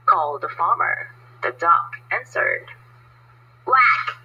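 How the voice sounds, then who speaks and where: Woman, storybook read-aloud, slow, lively melodic pitch, muffled lo-fi sound. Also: breathy edge. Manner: slow, deliberate storybook reading. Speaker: storybook reader. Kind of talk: picture book read-aloud. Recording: muffled lo-fi recording.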